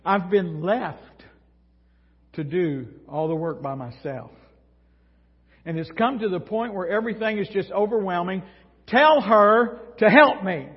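A frazzled, resentful housewife shrieking about doing all the work alone, put on by a male preacher. The voice sits high and husky, and a long hall echo hangs on it through a dull, lo-fi recording. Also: lively intonation, measured pace, heavily acted. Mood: exasperated. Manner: exasperated, shrill complaining. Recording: echoey hall, dull lo-fi sound.

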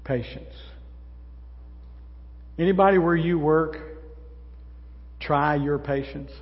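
Speaking slowly in a slightly high voice, an older pastor gives a folksy, conversational sermon and often asks his congregation questions. He's in a church sanctuary, and the sound comes through muffled in a big, echoing hall.

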